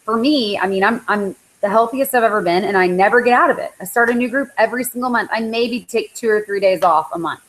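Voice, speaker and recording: A woman's voice: medium pitch, quick pace, few pauses, rough recording. A woman coaching her team on a live call, chatty and full of likes and ums. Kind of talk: casual motivational talk. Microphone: live online call.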